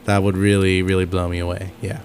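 A man with a fairly low voice, a guest musician on a college radio show, talks eagerly and jokes around. A faint hiss sits under the studio chat. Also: monotone, fast talker. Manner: enthusiastic, jokey. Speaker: band member, guest.

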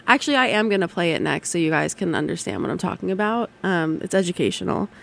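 A woman's voice: fairly low pitch, big pitch swings, fast talker, creaky. A young adult woman hosting a college radio show, chatting casually between songs in a rambling way, full of "like" and "um". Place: radio studio.

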